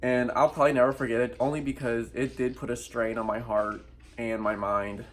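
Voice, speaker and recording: A man's voice: medium pitch, level tone, brisk. Young male vlogger, candid storyteller, emphatic and profane, acts out dialogue. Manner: candid and emphatic, swears often, acts out quoted lines. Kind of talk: personal storytime vlog.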